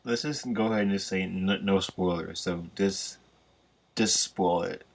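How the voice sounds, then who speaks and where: Deep gravelly young male host. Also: measured pace. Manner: laid-back, prompting questions. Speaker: podcast host. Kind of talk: casual podcast chat.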